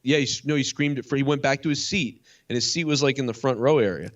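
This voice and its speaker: A man, a comedian, chatting casually as a guest, rambling and swearing as he tells a story excitedly. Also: medium pitch, fast talker, lo-fi sound. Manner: profane, rambling, excitable ranting. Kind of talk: casual chat.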